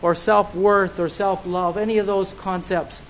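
Man, preacher, high voice, earnest, measured sermon delivery, soft hum behind. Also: level tone, low-quality recording.

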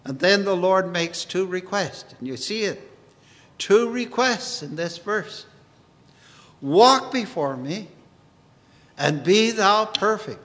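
A man preaching a sermon in an earnest, unhurried way, quoting scripture often. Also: high voice, expressive, a bit bright, in a large hall.

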